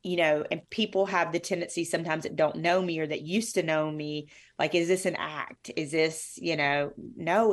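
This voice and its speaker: A middle-aged woman, a former sportscaster, telling stories in a bubbly, effusive way as a guest in an interview. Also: sits low. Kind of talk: conversational interview.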